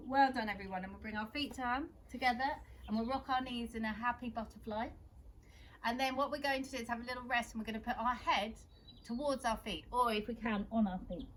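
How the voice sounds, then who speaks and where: A young woman, gently guiding children through a yoga class with steady encouragement. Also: a little high, a little hiss or hum. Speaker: kids yoga teacher.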